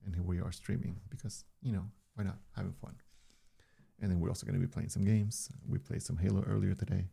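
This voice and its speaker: Older male streamer, deep gravelly dark voice, relaxed rambling live-stream chat, close studio mic. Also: a little fast. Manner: relaxed, chatty, loose and rambling. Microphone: studio dynamic microphone.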